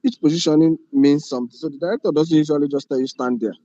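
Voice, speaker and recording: A man's voice: fairly high pitch, fairly even intonation, rapid-fire, warm tone, dry recording, muffled recording. Man lecturing. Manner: repeats phrases, explains with rhetorical questions. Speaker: film directing instructor. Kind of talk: classroom lecture.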